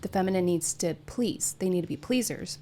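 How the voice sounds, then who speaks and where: Lowish calm woman explaining stuff on a podcast, bit of hiss behind. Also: a little fast. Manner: calm, explanatory, with short affirmations. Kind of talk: casual spiritual chat.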